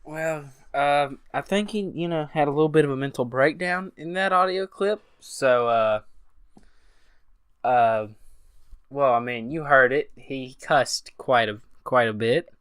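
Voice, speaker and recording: A man co-hosting a relaxed chat about movies. He often stumbles and restarts his sentences. His voice is bright and clear, and it is recorded dry and close. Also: medium pitch, measured pace, no echo. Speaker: co-host. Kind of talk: casual chat.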